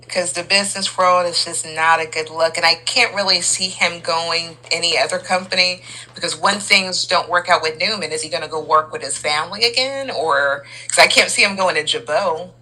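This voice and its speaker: A woman's voice: fairly low pitch, normal speed, few pauses, pushed and bright, rough recording. A woman co-hosting a casual soap opera recap chat, giving exasperated, opinionated takes.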